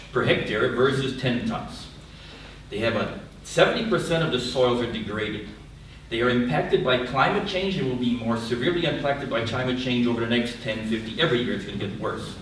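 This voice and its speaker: Blunt older Southern American man. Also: mid-range voice. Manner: blunt, exasperated, argumentative. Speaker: audience member, professor emeritus. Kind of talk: public panel discussion comment. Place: large lecture hall. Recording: echoey hall, distant mic, faint noise.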